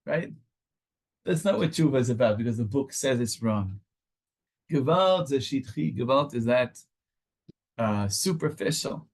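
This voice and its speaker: A man's voice: mid-range voice, moderate pace. A man teaching a Torah class with passion, moving back and forth between Hebrew and English.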